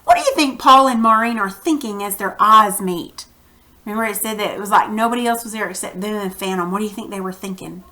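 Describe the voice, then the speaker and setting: A woman's slightly high voice moves at normal speed through a reading lesson meant for children. Recorded on a computer microphone, she stays animated and acts out the quoted lines.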